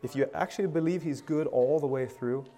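A man preaching an informal sermon, stammering over restarts and swinging from loud to hushed. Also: on the high side, brisk, in a large hall, soft background music. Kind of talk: conversational sermon.

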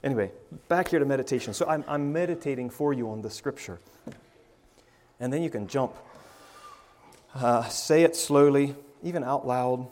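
A man preaching an informal sermon, stammering over restarts and swinging from loud to hushed. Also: mid-range voice, moderate pace, pauses often, in a large hall. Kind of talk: conversational sermon.

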